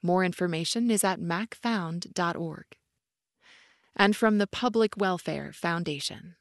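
A woman reading scripted sponsor credits in a measured, even way. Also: on the low side, no room sound, clean studio sound. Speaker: announcer.

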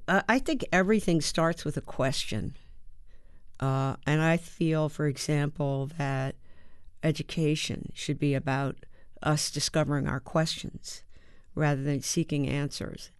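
A woman in her seventies, an actor and playwright from the United States, telling stories in an interview with halting starts and rhythmic emphasis. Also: deep voice, clear, resonant tone, dry recording, clean studio sound. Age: 70s. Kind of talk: conversational interview.

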